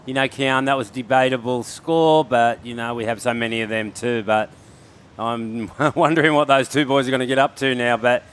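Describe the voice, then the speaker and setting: A man's voice: mid-range voice, steady tone, normal speed, fairly bright tone, clear, resonant tone. A middle-aged Australian man doing live surf commentary, chatty and laughing often as he tells stories. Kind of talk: live sports commentary banter.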